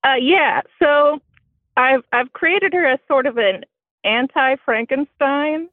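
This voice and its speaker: A woman's voice: high voice, slow, no room sound. Southern-sounding Indiana woman on a phone line. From Bloomington, Indiana. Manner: wry, self-deprecating. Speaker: caller. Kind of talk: phone-in conversation.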